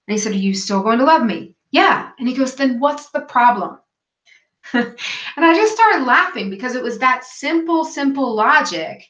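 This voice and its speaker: A woman guest in a casual interview, telling a personal story in an animated way and acting out what others said. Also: a little high. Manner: animated storytelling, acts out quoted voices. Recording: echoey, dull lo-fi call audio.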